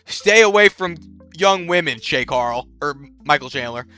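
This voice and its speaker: A man's voice: on the high side, expressive, normal speed, sharp tone, smooth, faint music behind. A young man giving casual, slangy commentary as a channel host, rambling, swearing freely and laughing at his own jokes. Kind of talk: casual tier-list commentary.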